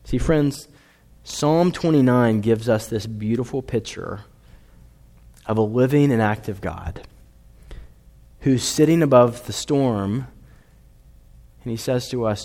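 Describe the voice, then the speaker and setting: A man preaching a sermon as a pastor, earnest, rising to emphatic points and dropping to soft, quiet lines. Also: medium pitch, a little slow. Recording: long reverb of a hall.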